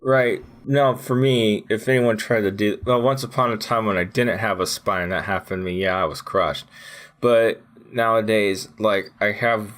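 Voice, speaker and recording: Animated man telling a workplace story. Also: on the low side, moderate pace. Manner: animated storyteller who acts out his own retorts. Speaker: podcast co-host. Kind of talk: casual podcast chat.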